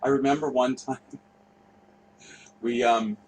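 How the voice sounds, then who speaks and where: A man's voice: mid-range voice, steady tone, slow pace, low-quality recording. A man, hosting a casual online tour and rambling through a profane story with mumbled asides. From Canada. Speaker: host. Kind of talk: casual chat while touring by map screen.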